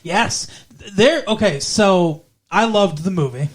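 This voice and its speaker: A man's voice: sits high, expressive, slow. A man co-hosting a casual movie podcast, rambling and digressive, often correcting himself mid-sentence. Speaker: podcast co-host.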